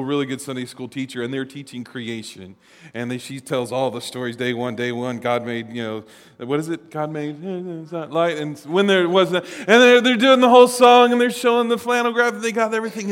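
Man, pastor, high voice, animated storytelling sermon, long hall reverb. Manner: animated, acts out voices in stories.

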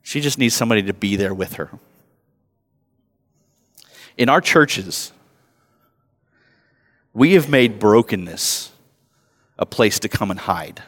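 A man in his thirties preaching a sermon as a pastor, conversational and self-mocking, telling stories and rising loud when he acts them out. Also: lowish voice, expressive, slow, pauses often. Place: church sanctuary. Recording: long hall reverb.

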